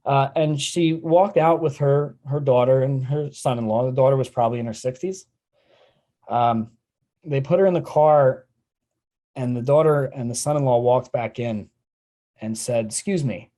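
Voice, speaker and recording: A man's voice: medium pitch, normal speed, mellow. A man telling a personal sales story as an interview guest, earnestly acting out the quoted dialogue.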